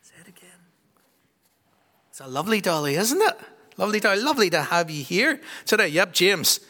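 Pastor, man, high voice, quizzing kids into a handheld mic, long church reverb. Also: sing-song, fairly quick. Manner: warm, teasing, quizzes children. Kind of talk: children's talk in a church service. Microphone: handheld microphone passed around.

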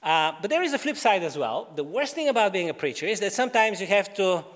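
A man's voice: high-pitched, very animated, quick pace, fairly bright tone, in a large hall. A man preaching a sermon in a church, speaking hesitantly with many fillers.

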